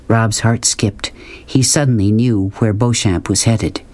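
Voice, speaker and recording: A man narrating an audiobook in a calm, even storytelling voice. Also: lowish voice, measured pace. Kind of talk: scripted narration.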